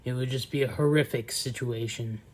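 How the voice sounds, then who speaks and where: A man talking to the camera in a slow, soft, rambling monologue, trailing off often and filling gaps with pauses. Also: mid-range voice, steady tone, slight background noise. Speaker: vlogger.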